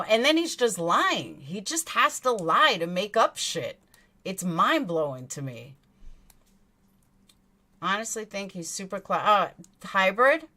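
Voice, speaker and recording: A woman with a New York accent hosts a true crime livestream, answering chat messages in a blunt, indignant way. Her pitch sits fairly low but swings widely. Her tone is bright and sharp. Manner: indignant, blunt, swears freely. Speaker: true crime commentary host. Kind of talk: livestream commentary, reading chat.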